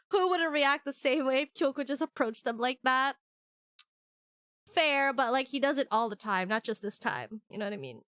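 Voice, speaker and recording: High, bright-voiced excitable woman streamer. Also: moderate pace, pauses often, clean tone, no room sound, studio quality. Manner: excitable, giggly, chatty. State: sleepy. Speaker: game streamer. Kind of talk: casual live-stream commentary.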